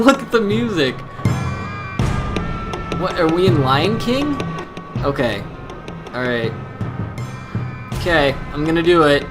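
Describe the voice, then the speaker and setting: A young man commenting on a video game as he plays, excitable, nervous and self-deprecating. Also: fairly high pitch. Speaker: gameplay commentator. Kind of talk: let's-play commentary.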